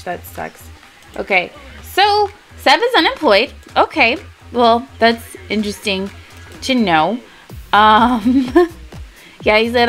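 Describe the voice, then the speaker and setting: A woman giving casual, chatty gameplay commentary, giggly and unhurried. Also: high-pitched, a bit bright, low-quality recording. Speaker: let's-play host.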